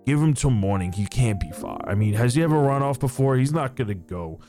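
A man voicing a gruff but kindly male dwarf who talks low and soothing, calling people "laddie". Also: expressive, a little fast, warm tone, soft background music, close to an everyday voice.

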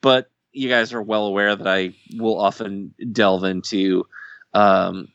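A man's voice: on the low side, little pitch movement, unhurried, vocal fry, a bit bright, no room sound, lo-fi sound. A man co-hosting a podcast in casual chat, rambling and self-deprecating, with lots of restarts. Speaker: podcast co-host. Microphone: podcast microphone.

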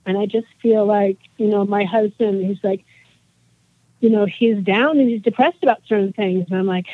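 A woman's voice: mid-range voice, steady tone, moderate pace, no room sound. A woman in her forties, a guest in a casual interview, talking in an earnest, heartfelt, rambling way. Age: 40s. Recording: dry tinny phone-like line.

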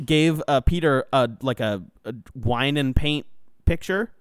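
Animated, foul-mouthed storytelling man. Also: medium pitch, unhurried, clean tone, dry recording, clean studio sound. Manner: animated, profane storytelling with lots of fillers. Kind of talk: casual chat, retelling a reality show.

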